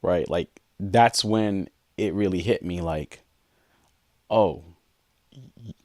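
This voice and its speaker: A man's voice: sits low, slow, a little mellow, no echo, clean studio sound. A man co-hosting a podcast, candidly telling a personal story in an earnest way and acting out past conversations. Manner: earnest, reenacts past dialogue. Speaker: podcast co-host.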